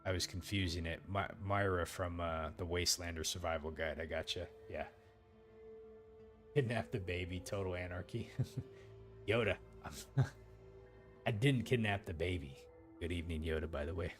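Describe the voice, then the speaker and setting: Man, very low voice, let's play commentary, rambling, lots of fillers, faint game music behind. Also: moderate pace, long pauses. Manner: rambling, loose, heavy with fillers.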